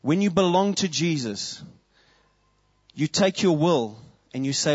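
A man's voice: on the high side, expressive, unhurried, dry recording, highs cut off. A man preaching a sermon as a pastor, earnest, quoting prayers and his children.

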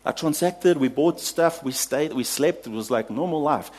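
South African man preaching, husky voice. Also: on the high side, normal speed, few pauses. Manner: animated storytelling, laughs at own anecdotes. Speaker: pastor. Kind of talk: sermon with personal story.

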